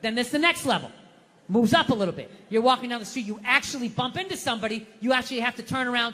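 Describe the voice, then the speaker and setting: A man with a Boston accent doing a profane stand-up rant on stage, dropping to low mutters and jumping to high outbursts. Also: fast, sharp tone, big-room sound. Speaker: stand-up comedian. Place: live venue with audience laughter.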